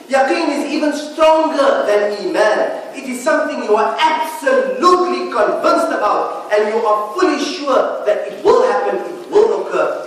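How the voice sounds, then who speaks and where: A man's voice: extremely high pitch, fairly bright tone. A man with a South African accent giving a Friday sermon in a mosque, explaining patiently with light humour. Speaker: imam giving Friday lecture. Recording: echoey mosque hall, distant mic.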